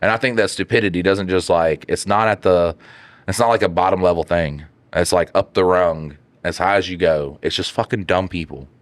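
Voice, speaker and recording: A young man with a very deep voice riffs and jokes as a podcast co-host, cursing freely. The recording is dry and close. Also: steady tone, fairly quick, no echo. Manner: profane, joking. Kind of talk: casual banter.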